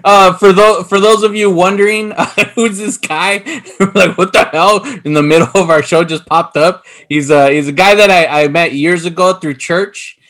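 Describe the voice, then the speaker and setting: Slightly high-voiced, easygoing podcast host. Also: male voice, no room sound, studio quality. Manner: relaxed storyteller, swears casually, laughs often. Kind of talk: casual chat.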